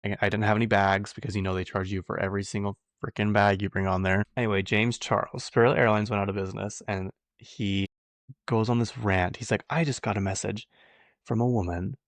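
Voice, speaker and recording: Chatty low-voiced man dishing gossip. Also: fairly even intonation, fairly quick, no echo. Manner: chatty, rambling, heavy use of "like". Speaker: podcast host. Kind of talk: casual pop-culture gossip chat.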